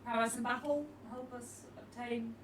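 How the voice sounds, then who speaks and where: A woman's voice: a little high, fairly even intonation, moderate pace, a little hiss or hum, poor audio. A woman playing a tabletop game in character, polite and hesitant with filler words. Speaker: player.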